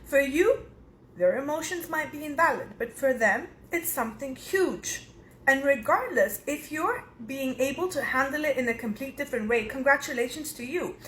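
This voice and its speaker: A woman from Cyprus speaking as a personal development speaker, giving advice in a calm, measured, instructive monologue. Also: high voice, a little hiss or hum. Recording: roomy echo.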